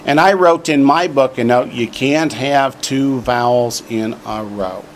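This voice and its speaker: Slow-talking male Hebrew teacher. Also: medium pitch, slight background noise. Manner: slow, drawn-out drilling of words for repetition; joking asides. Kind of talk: classroom lesson.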